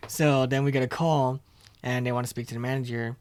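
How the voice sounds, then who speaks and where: Guy rambling through a work story on a podcast, mid-pitch voice, dead dry sound. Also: normal speed, a bit bright, dry recording. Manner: rambling storyteller, retells scenes with quoted dialogue. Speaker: podcast co-host. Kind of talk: casual chat.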